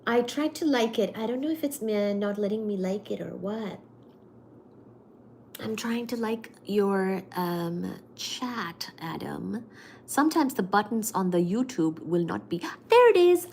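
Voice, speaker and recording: A woman's voice: medium pitch, animated, unhurried, vocal fry, darkish tone, slight background noise. A woman hosting a casual livestream at home, reading viewer comments aloud and thanking them effusively, with lots of fillers. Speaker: livestream host.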